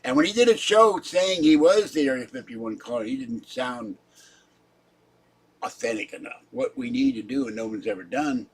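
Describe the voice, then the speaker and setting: A man's voice: on the low side, breathy edge. A man chatting casually on his own livestream, rambling and muttering asides to his chat. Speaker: YouTube livestreamer.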